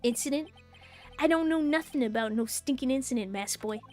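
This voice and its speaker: A woman voicing a menacing, hotheaded male loan-shark thug who talks in rough, ungrammatical street slang. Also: high-pitched, fairly quick, a little mellow, faint music behind, close to an everyday voice. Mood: threatening. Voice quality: gruff tough-guy street talk.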